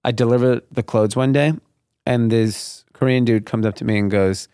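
A man's voice: medium pitch, normal speed, clean tone, no room sound. Guy in his 30s from LA telling a story, does the voices, dry close mic. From Los Angeles area, Granada Hills. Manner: animated storyteller, acts out quoted voices. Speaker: guest, clothing brand founder. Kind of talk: casual storytelling interview.

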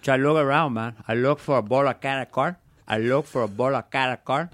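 A man's voice: mid-range voice, a little fast, a bit bright, dry recording, lightly acted. A man doing an impression of a brash gangster with a thick Cuban accent, in a clipped, swaggering, repetitive rhythm. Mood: aggrieved.

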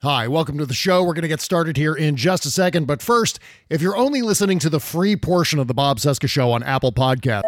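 A man's voice: on the high side, animated, fairly quick. A man hosting a podcast in casual, jokey chat. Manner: jokey, playful. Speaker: podcast host.

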